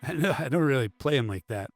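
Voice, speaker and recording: A man giving a relaxed, chatty guitar lesson, full of fillers and quick asides. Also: mid-range voice. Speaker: guitar teacher.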